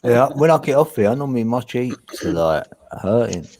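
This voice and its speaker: A man with a low, gravelly edge to his voice hosts a loose video-call chat. His pitch swings widely as he greets people by name and laughs along. Delivery is relaxed and playful. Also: normal speed, a little hiss or hum. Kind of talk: casual group chat.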